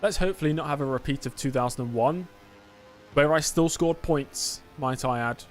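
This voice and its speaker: A man's voice: a little high, normal speed, faint music behind. A man from England chatting casually while he streams a racing game, with joking asides. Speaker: gaming streamer. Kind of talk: casual gameplay commentary.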